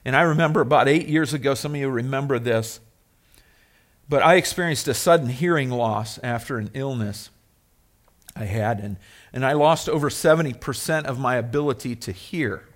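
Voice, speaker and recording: A man preaching a sermon as a pastor, conversational, rising to emphatic stretches and dropping soft. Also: mid-range voice, moderate pace.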